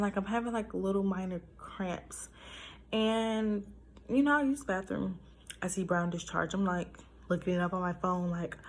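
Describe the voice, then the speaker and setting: A woman's voice: fairly low pitch, a little hiss or hum. A young adult woman telling a personal story in a casual vlog, emotional and full of fillers. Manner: emotional, talks through it with fillers. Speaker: vlogger sharing a personal story.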